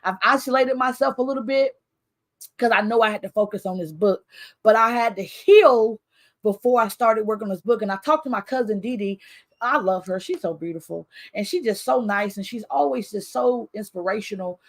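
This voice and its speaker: A woman author hosts her own book launch, chatting casually at a fairly quick pace in a mid-range voice. She rambles, keeps losing her train of thought, and stays expressive and animated with laughter.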